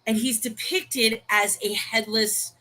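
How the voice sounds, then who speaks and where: A woman's voice: on the high side, fairly even intonation, takes it slowly, pushed and bright, low-quality recording. A woman co-hosting a casual livestream discussion, chatty and laughing at her own pronunciation. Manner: chatty, self-deprecating about pronunciation; reads viewer chat aloud and greets viewers.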